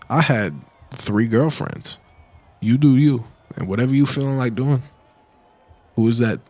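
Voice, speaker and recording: A young man telling a story in a casual, crude, slang-heavy way, with laughing asides. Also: medium pitch. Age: young adult. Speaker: vlogger.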